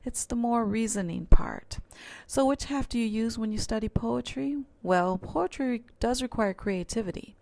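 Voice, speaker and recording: A woman teaching a recorded lesson, explaining patiently in a soft, at times near-whispered voice with small slips and restarts. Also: medium pitch, vocal fry, no room sound.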